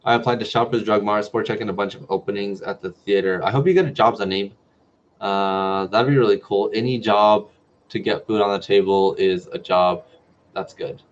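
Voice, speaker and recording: On a casual livestream Q&A, a medical student in his twenties from New Mexico reads viewer comments aloud and answers them in a chatty way. His lowish voice has a flat delivery at normal speed, and the dull lo-fi audio carries slight background noise.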